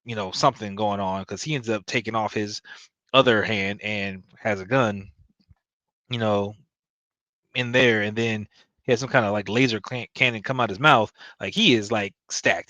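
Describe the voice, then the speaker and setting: Relaxed man with a low, dry voice. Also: no echo. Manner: loose, slangy storytelling with quick quoted asides. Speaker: anime recap host. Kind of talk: casual recap commentary.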